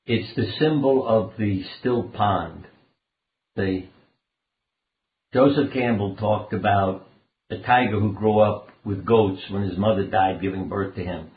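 An older man speaks as an interview guest, earnest and rambling as he tells anecdotes. His voice sits low, and it comes through a thin, phone-like line. The space around him sounds roomy and echoey. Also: measured pace. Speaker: guest, doctor and author. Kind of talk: conversational storytelling interview.

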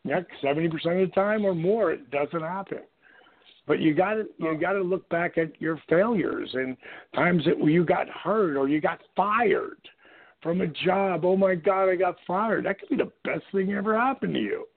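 Animated talk-show host on a tinny phone line. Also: male voice, high-pitched, normal speed, creaky. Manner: animated storyteller, acts out quotes, many fillers. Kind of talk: casual motivational chat.

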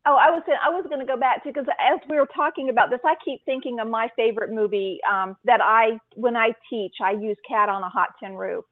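A woman with a slightly high voice chats casually as a podcast co-host, telling stories with animated emphasis. She sounds thin and tinny, as if over a phone line. The sound is dry and close, with no room echo. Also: a little fast, few pauses. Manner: animated storyteller, retelling scenes with emphasis. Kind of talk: casual chat.

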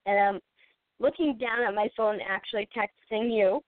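A woman's voice: mid-range voice, normal speed, dry recording. A woman in her thirties co-hosting a podcast, telling a story in a rambling way and laughing often. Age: 30s. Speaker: podcast co-host. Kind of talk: casual storytelling chat. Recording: dry, tinny phone-like sound.

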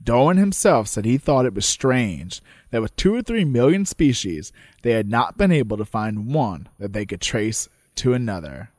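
A man's voice: medium pitch, very animated, normal speed, hardly any pauses, a little mellow, no room sound, studio quality. A man co-hosting a podcast in casual chat, dropping jokey asides. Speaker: podcast co-host.

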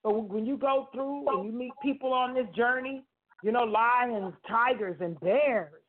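A woman in her fifties delivers an emphatic, preacherly spiritual testimony on talk radio, with a slightly high voice and a somewhat slow pace. She repeats phrases and talks colloquially, and the audio sounds narrow and phone-like.

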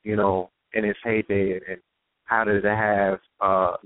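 A man hosts a casual radio discussion, building long, searching questions in a lowish voice. His sound is dry and close, with no room around it. It comes through a thin, phone-like line. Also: little pitch movement, measured pace, no room sound. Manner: long searching questions with frequent "you know what I'm saying".

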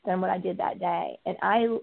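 A woman's voice: on the low side, fairly even intonation, moderate pace, vocal fry. A woman guest and addiction recovery coach, giving an earnest, heartfelt personal testimony in an interview, with frequent ums. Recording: tinny phone-line sound.

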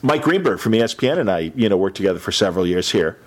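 A man's voice: low voice, very fast. A man from the Chicago suburbs hosting a casual chat and telling stories, acting out the voices of people he met. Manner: animated storyteller who acts out voices of people he met.

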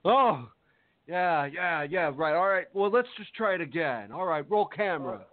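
A man's voice: on the high side, expressive, normal speed, dry recording. A man, a radio deejay, bossing people around in a rambling comedy sketch. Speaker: radio deejay playing a film director. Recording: dry phone-like sound.

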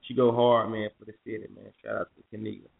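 A man's voice: on the low side, flat delivery, quick pace, gravelly. A man hosting a morning talk show in a loose, jokey, slangy way. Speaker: radio show host. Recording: tinny phone-like sound with faint music.

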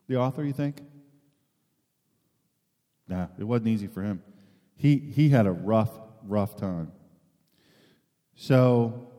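A man's voice: fairly low pitch, dark tone. Rambling preacher man in a reverberant hall. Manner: rambling, conversational, with many restarts. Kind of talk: informal sermon.

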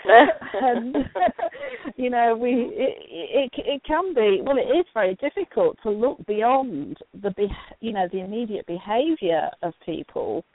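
A woman hosting an interview, chatty and quick to laugh. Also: fairly high pitch, sing-song. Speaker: host. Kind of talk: interview chat. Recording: dry phone-like line.

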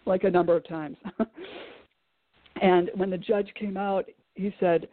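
A middle-aged woman, an author guest, telling her personal story in an animated way, with many fillers and restarts. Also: medium pitch, slow pace, pauses often, no room sound. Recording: tinny call-like audio, dry.

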